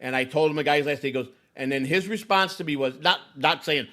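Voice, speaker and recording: A man's voice: on the high side, normal speed, hardly any pauses, bright, forceful tone. A man hosting a podcast, telling a story in a rambling way that repeats itself. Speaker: podcast host. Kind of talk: casual storytelling.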